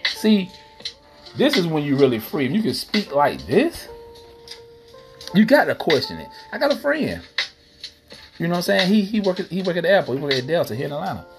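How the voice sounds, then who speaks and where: A man's voice: fairly high pitch, very animated, fairly quick, long pauses. Ranting man with music behind. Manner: profane, rhetorical, addresses listeners as y'all. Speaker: podcast host. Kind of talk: casual solo rant. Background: music playing.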